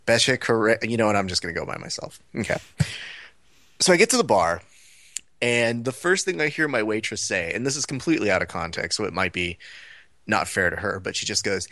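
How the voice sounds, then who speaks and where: A podcast co-host with a lowish voice tells a story briskly in casual conversation, animatedly playing the characters involved. The recording has no room sound.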